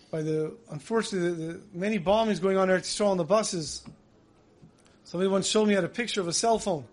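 High-voiced man telling a Torah story. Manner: storytelling, acts out dialogue in voices; chants liturgical verses slowly. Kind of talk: sermon with storytelling.

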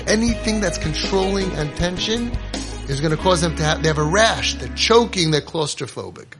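A man's voice: fairly high pitch, animated, music in the background. Emphatic man coaching parents. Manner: emphatic and repetitive, with many restarts and quick asides; acts out short exchanges between parents and kids. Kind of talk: casual spoken lecture to parents.

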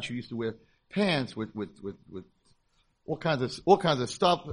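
Husky-voiced rabbi telling stories. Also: male voice, medium pitch. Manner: animated storyteller, acts out voices. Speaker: rabbi and school founder. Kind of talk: conference talk with storytelling.

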